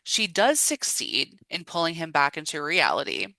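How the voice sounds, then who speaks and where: Deep-voiced and edged with vocal fry, this woman co-hosts a podcast at a moderate pace. In a dry recording, she casually recaps a film, acting out quotes in an animated retelling and laughing a lot.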